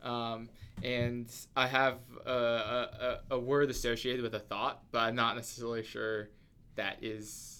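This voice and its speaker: Gravelly bright-voiced male podcast host. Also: mid-range voice, flat delivery, unhurried. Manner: rambling, searching for words with many fillers. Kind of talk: casual podcast chat.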